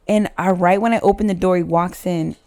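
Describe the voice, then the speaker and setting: A woman in her forties with a fairly low voice and plenty of gravelly fry, talking as a guest on a podcast. She tells her story bluntly and emotionally, swearing often. It is casual and unfiltered. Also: fairly even intonation, brisk, darkish tone, dry recording. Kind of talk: candid casual chat.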